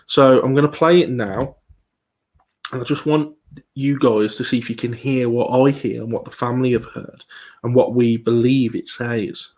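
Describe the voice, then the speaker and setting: A man giving a live online presentation as a paranormal investigator, talking with many pauses and restarts. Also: mid-range voice, fairly even intonation, darkish tone. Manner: hesitant, many ums and restarts.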